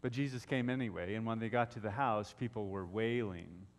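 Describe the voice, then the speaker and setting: A man preaching an Easter sermon as a pastor, telling the story dramatically and often dropping to hushed tones. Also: on the low side, a little fast, a little hiss or hum. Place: church sanctuary. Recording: long reverb of a church hall.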